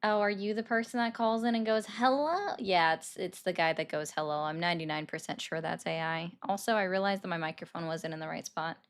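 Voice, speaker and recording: A woman's voice: lowish voice, fairly even intonation, fairly quick, few pauses, smooth. A young woman, hosting a casual live stream, chatting with viewers and taking calls. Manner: chatty, reacts to viewer comments. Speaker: livestream political commentary host.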